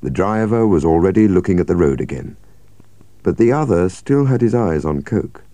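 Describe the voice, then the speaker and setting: A man reads a story aloud in a measured, expressive way. His voice is very deep and mellow, and his pitch moves a lot. The recording is dry and close. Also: no room sound. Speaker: audiobook narrator. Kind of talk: scripted story narration.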